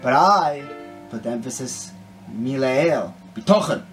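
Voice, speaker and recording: A man's voice: on the high side, expressive, normal speed. A man giving a short Torah talk with a story, speaking in an earnest, conversational way and often restarting his sentences. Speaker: Torah teacher. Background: guitar music.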